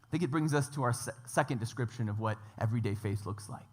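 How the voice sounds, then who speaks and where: A man's voice: mid-range voice, fast talker. A man preaching a church sermon, emphatic, stacking up repeated phrases and lists. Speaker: pastor.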